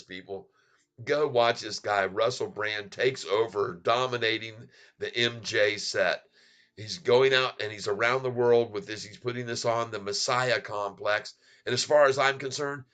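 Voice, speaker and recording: A man hosting his own stock market channel, talking in an excitable, rambling way and laughing often as he comments on a video. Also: mid-range voice.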